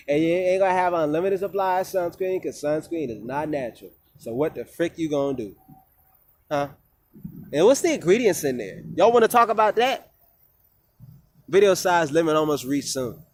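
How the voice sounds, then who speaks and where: A man with a high-pitched voice lectures his viewers straight to camera. He talks in a preachy, emphatic way and mixes in plenty of street slang. He speaks casually and forcefully, like a wellness coach making his case. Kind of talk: informal monologue to viewers.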